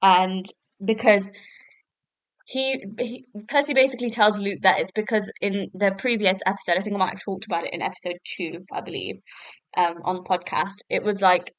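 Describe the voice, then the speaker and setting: A woman's voice: mid-range voice, normal speed, no room sound. Woman, casual rambling podcast chat, filler-heavy, dry recording. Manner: chatty, rambling, lots of fillers like "so basically" and "like". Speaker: podcast host. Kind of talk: casual solo review chat.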